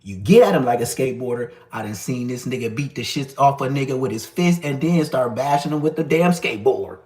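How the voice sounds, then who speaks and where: A man's voice: mid-range voice, brisk, a little mellow, reverberant. A man in his thirties telling stories in casual street slang, acting out other people's lines as he goes. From Los Angeles area. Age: 30s. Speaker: storyteller. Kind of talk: casual storytelling.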